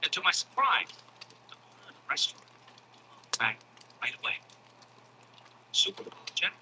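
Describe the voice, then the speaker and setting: A male comedian tells a story with a high, very bright voice. His pitch swoops widely as he acts out the other characters and swears casually. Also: very animated, moderate pace, slight background noise, low-quality recording.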